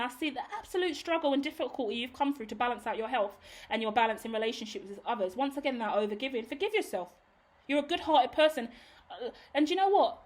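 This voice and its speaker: A woman doing a casual tarot reading to camera. She rambles and reassures, talks straight to the viewer, swears casually and laughs at her own tangents. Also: high voice. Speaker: tarot reader.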